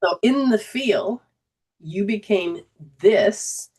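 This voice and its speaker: A woman at a middle pitch, earnest and searching as she tells a story and keeps restarting her sentences. She hosts a casual talk about emotional healing. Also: animated, very slow, a little mellow, breathy edge. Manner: earnest storytelling, quotes others, frequent restarts. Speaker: host, energy healer.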